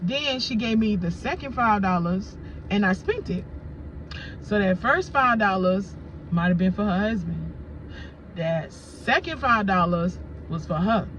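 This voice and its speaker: A woman chats straight to camera outdoors, retelling a story with lively asides to her viewers. Her talk is blunt and salty. The sound is dull and lo-fi, with faint noise behind her. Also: mid-range voice, a little slow. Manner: chatty, animated retelling with frequent asides to viewers. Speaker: vlogger. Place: outdoors in sunlight.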